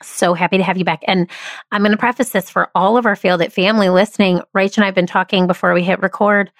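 Effusive woman host, mid pitch, dry close-mic podcast chat. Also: steady tone, fast talker, no room sound. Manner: enthusiastic, effusive.

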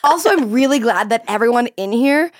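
A young woman hosts a comedic advice podcast in a relaxed, casual chat. Her voice sits a little high, and she keeps giggling and poking fun at herself. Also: a little fast. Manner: giggly, self-deprecating, laughs often. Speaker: podcast host.

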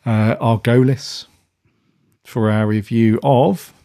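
A man's voice: mid-range voice, fairly even intonation, takes it slowly, mellow. A man in his late thirties hosting a podcast, chatting in a casual, meandering way with many fillers. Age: late 30s. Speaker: podcast host.

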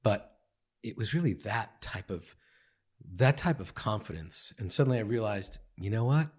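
Husky man telling a story earnestly. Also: fairly low pitch, expressive. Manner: earnest, halting, many fillers and restarts. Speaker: guest, meditation teacher. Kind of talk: reflective storytelling. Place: podcast studio.

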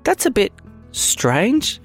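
Excited little boy, high and squeaky, put on by a male narrator. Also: slow pace, gravelly, slightly rough, faint music behind, exaggerated voice. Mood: puzzled. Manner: squeaky, eager.

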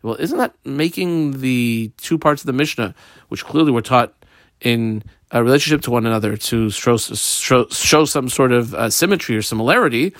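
A man's voice: medium pitch, moderate pace, fairly bright tone, dry recording, clean studio sound. A man teaching a daily Talmud lesson, explaining the text step by step with frequent fillers.

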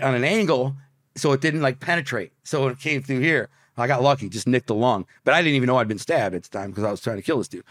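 A man's voice: medium pitch, no room sound. Man telling an intense story, dry sound. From Detroit area, US. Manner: intense, vivid, slangy retelling. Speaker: podcast guest. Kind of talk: storytelling in a podcast interview.

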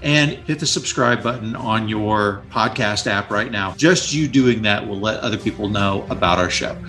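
A man hosting a movie podcast, chatting excitedly and speaking directly to his listeners. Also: fairly low pitch, moderate pace. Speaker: podcast host. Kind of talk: casual podcast chat.

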